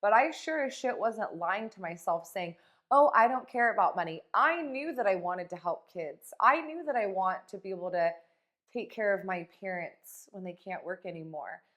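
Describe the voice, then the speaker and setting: A woman's voice: medium pitch, lively intonation, normal speed, fairly bright tone. A woman life coach talking in a casual motivational vlog, blunt, profane and emphatic.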